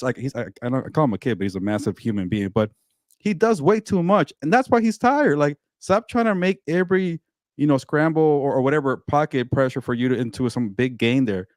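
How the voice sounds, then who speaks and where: A man's voice: medium pitch, a little fast, dry recording, studio quality. A man co-hosting a casual sports talk show, ranting emphatically about football. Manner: animated, emphatic rants. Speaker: co-host.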